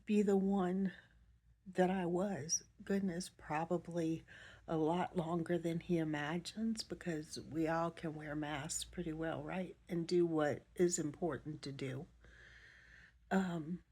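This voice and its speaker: Middle-aged woman, soft and emotional personal monologue, slow and halting, fairly low mellow voice. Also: level tone, breathy edge. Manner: soft-spoken, emotional, halting with many pauses. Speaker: vlogger.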